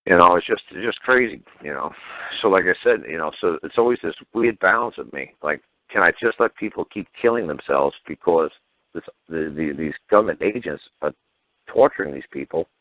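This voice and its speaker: A man's voice: sits low, animated, a little fast, no room sound. A man hosting a call-in radio show, telling stories in a blunt, heated, profane way. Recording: phone-like narrow audio.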